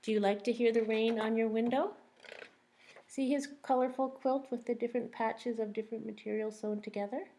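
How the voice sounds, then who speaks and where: A woman teacher reading a picture book aloud to young children, gently asking them questions along the way. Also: a little high, steady tone, brisk.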